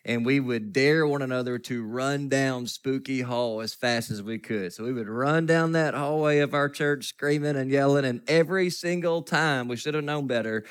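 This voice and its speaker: Male pastor, mid-pitched, folksy storytelling sermon with gentle jokes. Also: steady tone, normal speed, hardly any pauses, clean tone. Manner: storytelling with self-deprecating humor and laughs.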